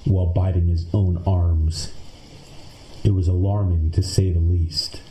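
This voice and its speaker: A low-pitched man narrating creepy stories at an unhurried pace. His tone is very dark and deadpan, with little rise or fall. The voice rings in an echoey room over a faint hiss.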